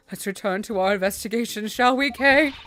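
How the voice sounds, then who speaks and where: A woman voicing a refined male prosecutor in a game, speaking in a measured, lowered and precise way. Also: fairly bright tone, no echo, soft background music, natural voice. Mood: dry. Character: stiff, formal male prosecutor, cool and refined.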